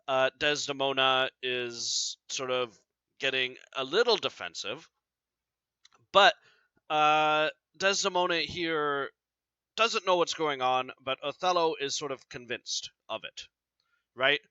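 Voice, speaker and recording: A man's voice: on the high side, sharp tone, clear, resonant tone, dry recording. A man teaching a literature lesson in an explanatory way, often checking in with "right?", recorded dry and slightly dull.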